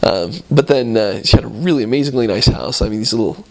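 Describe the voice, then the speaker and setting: A man in his thirties recounts his missionary days in an animated storytelling talk. His pitch rises and falls widely as he goes. He slips into the voices of the people he met. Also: fast talker, creaky. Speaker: returned missionary.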